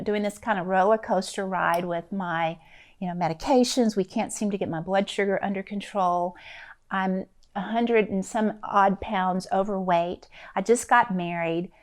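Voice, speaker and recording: Woman doctor, interview guest, easygoing storyteller, mid pitch. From Louisiana, US. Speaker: interview guest, lifestyle medicine physician. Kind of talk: conversational interview.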